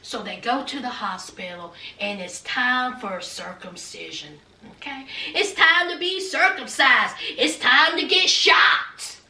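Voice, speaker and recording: This woman's voice runs on the high side, expressive and pushed bright, and she talks slowly with hardly any pauses. Addressing viewers as honey and y'all, she gives a sassy, dramatic recap of a reality TV episode as casual commentary. The room echoes, and the mic is far from her.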